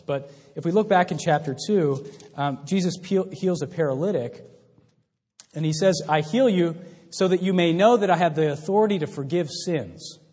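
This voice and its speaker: Husky-voiced preacher in an echoing hall. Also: male voice, fairly high pitch, darkish tone. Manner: conversational, with frequent restarts and asides. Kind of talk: sermon. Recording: long hall reverb.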